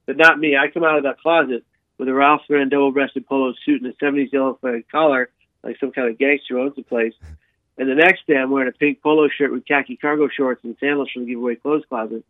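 A man telling a long personal story in an interview, animated, with frequent restarts and repeated words. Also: mid-range voice, fast talker, dry recording. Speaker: guest sharing his life story. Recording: dry tinny phone-like sound.

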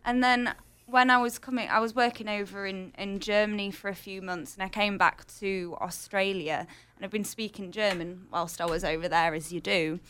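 A woman's voice: mid-range voice, steady tone, moderate pace, a bit bright, a little hiss or hum. A woman guest on a radio show with a Yorkshire-tinged English accent that drifts, chatting casually.

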